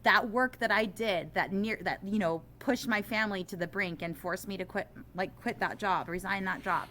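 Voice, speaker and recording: A middle-aged woman teacher talks in an interview with a bright, forward voice. She is animated and self-deprecating, and turns impassioned as she argues her case. Faint background noise sits under the recording. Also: mid-range voice, normal speed.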